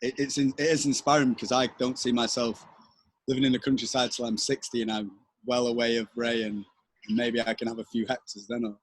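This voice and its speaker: A man from the wine trade speaking on a video call, hesitant and thoughtful, with halting restarts. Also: medium pitch, flat delivery, no room sound, poor audio. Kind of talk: casual chat on a video call.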